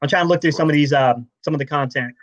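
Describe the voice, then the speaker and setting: A man co-hosting a casual fan sports stream, talking in a brash, animated way. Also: a little high, quick pace, dry recording. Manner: animated, brash, says bro a lot. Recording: dull lo-fi stream audio.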